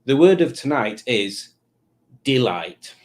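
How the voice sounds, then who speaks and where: Rambling live-stream host. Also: male voice, mid-range voice, big pitch swings, slow, darkish tone. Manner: rambling, self-mocking, easily amused. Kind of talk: casual live-stream chat reading comments.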